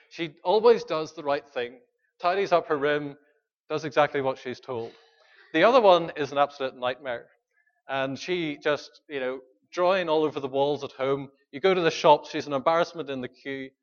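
Male pastor, earnest sermon delivery, lo-fi church recording. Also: a little high. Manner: earnest, pleading, questions the congregation.

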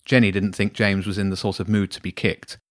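A man reading his own bedtime story aloud to two boys, with a lively, expressive delivery. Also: low-pitched, a little fast, no echo, clean studio sound.

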